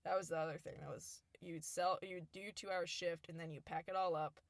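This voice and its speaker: A young woman co-hosting a podcast, telling stories in a casual, animated way with quick asides. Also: on the low side, dry recording. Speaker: podcast co-host. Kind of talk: casual storytelling chat.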